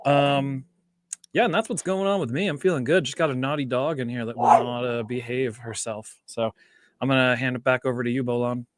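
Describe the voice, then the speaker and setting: A man's voice: medium pitch, steady tone, brisk. An easygoing man with a mid-range voice rambles through a casual online chat. His home mic carries a faint background hiss. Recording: home mic, faint noise, dog nearby.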